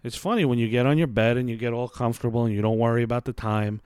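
Quick-paced and fairly even in intonation, a mid-range, slightly mellow, smooth male voice tells a casual, self-mocking, expletive-heavy story for a podcast. The host is in his thirties, lying on his bed at home, and the studio-quality audio has no echo.

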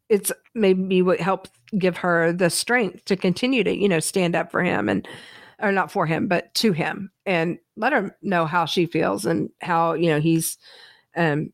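A woman's voice: on the low side, no echo, studio quality. Profane, blunt woman with a twang. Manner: blunt, profane, laughs often. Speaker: podcast co-host. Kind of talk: casual reality-TV recap chat.

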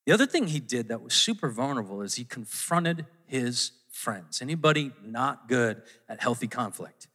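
Bright-voiced male pastor preaching. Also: mid-range voice, lively intonation, normal speed, hardly any pauses. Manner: conversational, self-interrupting, acts out quotes. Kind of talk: sermon. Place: church auditorium.

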